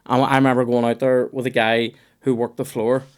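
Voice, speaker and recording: A young man, hosting a comedy podcast and telling a story in a profane, animated way. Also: mid-range voice, fairly quick, smooth. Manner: profane, animated, puts on voices in quoted dialogue.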